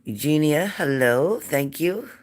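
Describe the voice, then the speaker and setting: A woman's voice: sits low, lively intonation, takes it slowly, darkish tone. A woman hosting a live psychic reading stream, chatting casually and greeting viewers by name.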